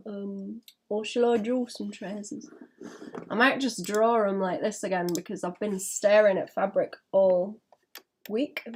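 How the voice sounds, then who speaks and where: A woman's voice: medium pitch, a little mellow, a little hiss or hum. A woman chatting casually while she draws on a live stream, thinking aloud with small laughs and restarts. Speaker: illustrator streaming her drawing.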